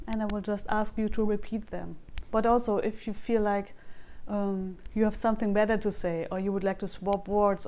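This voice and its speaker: Calm woman coaching a tapping session. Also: mid-range voice, slight background noise. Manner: calm, self-reflective, repeats phrases for viewers to echo. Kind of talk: guided tapping tap-along.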